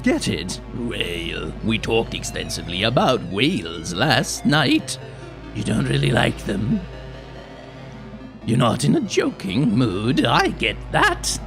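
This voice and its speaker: A man voicing a sadistic male cult leader, a former minister turned monster, in a lower, softer voice. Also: wildly swooping pitch, slow pace, vocal fry, over music, heavily acted. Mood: gloating. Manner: dastardly, sadistic and gloating.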